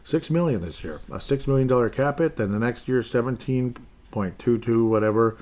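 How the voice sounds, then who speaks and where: A man's voice: medium pitch, brisk, a little mellow. A man hosting a solo sports podcast, rambling and joking as he goes through player contracts, sometimes playing with his voice. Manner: rambling, jokey, plays with his voice. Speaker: podcast host.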